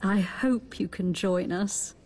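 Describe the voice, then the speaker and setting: An actor playing a polite, gracious doctor's wife. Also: female voice, medium pitch, takes it slowly, darkish tone.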